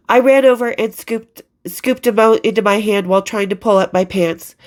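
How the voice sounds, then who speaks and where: A middle-aged woman reading her own memoir aloud, candid and expressive, with casual asides and blunt swearing. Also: on the high side, fairly quick, few pauses.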